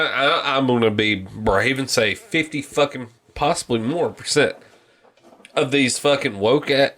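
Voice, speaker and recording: Animated, swearing male podcast host. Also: mid-range voice. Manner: profane, ranting, animated storytelling. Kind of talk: casual chat.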